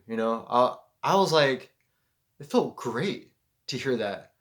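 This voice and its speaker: A young man from Seattle telling a rambling spiritual story to his vlog, excitable and animated, peppered with "like" and swearing. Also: medium pitch, moderate pace. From Seattle, USA. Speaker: vlogger.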